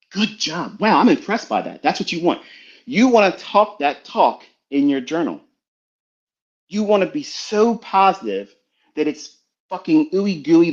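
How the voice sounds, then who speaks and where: A man lectures his listeners like a preacher, emphatic and swearing freely as he drives his point home. His voice sits a little high for a man. The sound is dull and lo-fi, like a live online audio room. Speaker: trading mentor. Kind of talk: motivational talk on a live audio stream.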